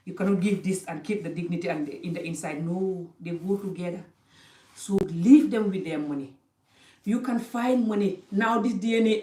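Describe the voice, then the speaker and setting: A woman's voice: medium pitch, warm tone. Woman lecturing hard, keeps repeating herself, broken-ish english, sounds far off in a roomy echo. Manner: emphatic, preachy, repeats phrases for stress. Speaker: vlogger giving life advice. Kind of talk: impassioned monologue to camera. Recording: echoey room, voice a bit distant from the mic.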